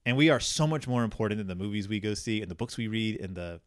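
Middle-aged male co-host, chatty and rambling, lively up-and-down delivery, dry close sound. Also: on the low side, fast, no echo. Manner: animated, rambling with many restarts. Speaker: podcast co-host. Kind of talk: casual chat.

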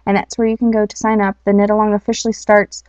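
A woman's voice: mid-range voice, little pitch movement, quick pace, a little mellow, no room sound. A woman hosting a casual podcast, chatting with lots of fillers and reading a story. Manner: chatty, many fillers, laughs easily. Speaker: podcast host. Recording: dull lo-fi home recording.

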